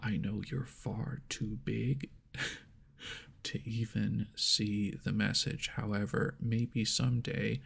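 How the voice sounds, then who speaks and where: A man hosting a whispered ASMR chat into an ears mic, soft and rambling, laughing at himself. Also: on the low side, gravelly, slightly rough. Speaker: ASMR channel host. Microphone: homemade binaural ears mic.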